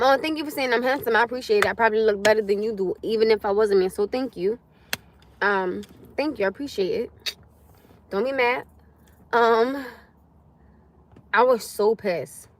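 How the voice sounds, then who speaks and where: A high-voiced young woman chatting to her viewers on a live stream. Her tone is bright and sharp, and she swears freely as she answers comments. Her talk is loose, animated and full of asides. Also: no room sound. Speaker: livestream host. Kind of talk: casual livestream chat with viewers.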